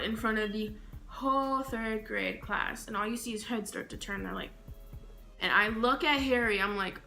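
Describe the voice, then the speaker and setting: A young woman vlogger telling embarrassing stories in a casual, animated, slangy way while carving a pumpkin. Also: fairly high pitch, normal speed, gravelly, faint music behind. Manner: animated, slangy, acts out quotes. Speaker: beauty vlogger.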